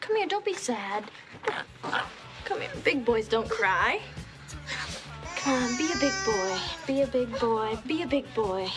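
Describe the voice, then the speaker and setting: An actress playing a teen girl babysitter, gently coaxing a crying toddler in a show clip. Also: on the high side, expressive, measured pace, long pauses. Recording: show clip with loud music, off-mic.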